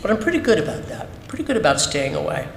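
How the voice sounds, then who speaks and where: Speaking very animatedly and fast, with vocal fry in his fairly high voice, a man shares an emphatic personal testimony at a Shabbat service. He's candid and full of rhetorical questions, and his words echo through the synagogue sanctuary with long reverb and a faint hum underneath.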